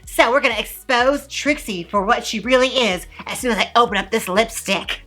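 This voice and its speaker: A woman's voice: fairly high pitch, moderate pace, a bit bright, faint music behind. A woman hosting a comedic makeup review vlog in a playful, mock-dramatic, gushing way. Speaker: beauty vlogger.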